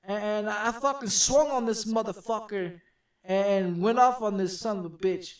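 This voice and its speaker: A man streaming from his home gaming setup, telling a story in a rambling, profane, repetitive way that turns loud and heated. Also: high-pitched, normal speed. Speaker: game streamer. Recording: echoey room, distant from the mic.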